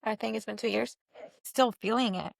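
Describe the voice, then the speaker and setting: A woman's voice: a little high, moderate pace, creaky, dry recording, clean studio sound. A woman in her thirties co-hosting a podcast, talking candidly and emotionally and mixing Spanish phrases into her English. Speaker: podcast co-host. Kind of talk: casual chat.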